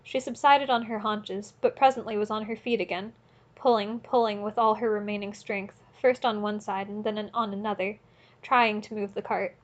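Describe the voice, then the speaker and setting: A woman narrating an audiobook in a steady, earnest reading voice, now and then correcting a slip. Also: medium pitch, normal speed, muffled recording. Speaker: audiobook reader.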